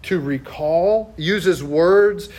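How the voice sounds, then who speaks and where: Pastor, man, middle-aged, chatty storytelling sermon in church, slightly high voice. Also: drawn-out words, darkish tone. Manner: conversational and storytelling, with self-deprecating asides.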